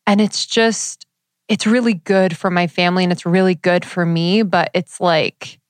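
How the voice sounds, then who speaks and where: A woman's voice: on the low side, steady tone, no echo. A young woman co-hosting a podcast, talking openly and thoughtfully in a casual way. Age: young adult. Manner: reflective, open, many fillers and pauses. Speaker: podcast co-host. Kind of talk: casual chat.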